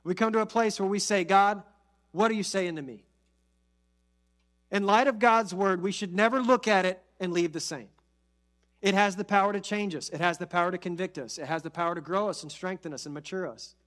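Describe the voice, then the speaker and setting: A pastor preaching a sermon with earnest conviction, building to emphatic peaks and then dropping soft and slow. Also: male voice, high-pitched. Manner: repeats key phrases, slows for emphasis.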